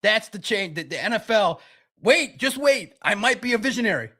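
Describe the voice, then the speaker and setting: This football talk show host chats casually and cracks jokes while sharing his opinions. He speaks at normal speed in a high-sitting, expressive voice with a sharp tone.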